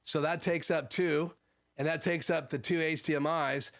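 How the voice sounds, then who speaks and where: Male streamer, clear voice pitched a touch high, relaxed gear-talk from a home studio. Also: moderate pace. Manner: conversational, frequent "um" fillers, explanatory. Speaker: livestream host. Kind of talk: casual gear talk answering live chat.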